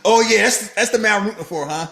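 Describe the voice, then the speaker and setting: A man co-hosting a casual movie-review podcast, joking and animated, often slipping into mock voices. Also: fast talker, creaky, echoey room. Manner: animated, jokey, slips into high-pitched mock voices. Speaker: podcast co-host.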